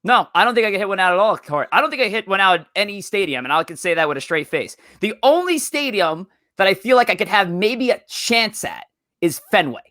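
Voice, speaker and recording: Bright-voiced chatty male sports podcast host. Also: sits high, animated, fast talker, no echo, clean studio sound. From New York area. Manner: chatty, self-deprecating, loose filler-heavy delivery. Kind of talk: casual sports podcast chat.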